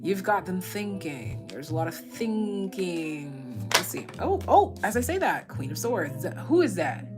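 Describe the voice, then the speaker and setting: Woman, tarot reader on a casual live stream, low-ish voice, loose and jokey, music playing underneath. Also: big pitch swings, a little slow. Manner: chatty, rambling, swears freely and laughs at own jokes.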